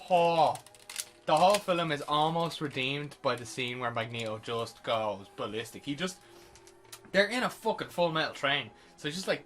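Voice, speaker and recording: A man's voice: medium pitch, fairly bright tone. A man on a podcast casually recapping a film, rambling and swearing. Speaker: podcast host. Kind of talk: casual film review chat.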